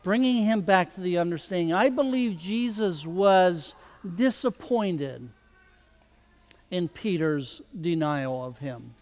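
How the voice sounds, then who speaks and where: A man preaching a sermon, slow and deliberate, who acts out the quoted dialogue with rising intensity. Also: sits high, expressive, darkish tone, in a large hall.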